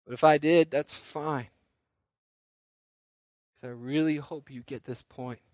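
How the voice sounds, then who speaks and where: A male pastor preaching a recorded sermon alone in a room, moving between quiet scripture reading and loud call-and-response revival exhortation. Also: a little high, steady tone, slow, no echo. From Midland, Michigan area church. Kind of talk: recorded sermon to home viewers. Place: room alone without congregation.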